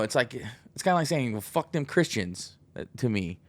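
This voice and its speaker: Gravelly, profane man rambling casually. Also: mid-range voice, lively intonation, a little fast, few pauses, no echo. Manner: profane, meandering, acts out quoted voices. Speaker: podcast host.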